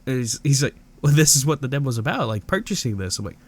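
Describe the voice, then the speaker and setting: Young guy cohosting a podcast, super lively voice, laughs a lot and does little voices for people. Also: mid-range voice, fast, breathy edge. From Indiana. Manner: animated storyteller, acts out quoted people, laughs often. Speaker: podcast co-host. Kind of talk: casual chat.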